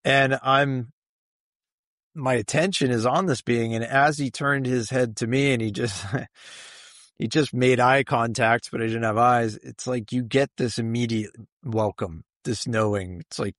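A man's voice: medium pitch, fairly even intonation, measured pace, fairly bright tone, dry recording, studio quality. A man being interviewed, recounting a personal experience in a reflective way, searching for words with many fillers. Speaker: interview guest.

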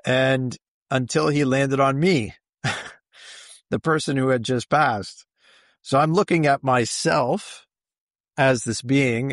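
A man's voice: mid-range voice, dry recording, clean studio sound. A man being interviewed, recounting a personal experience in a reflective way, searching for words with many fillers. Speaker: interview guest.

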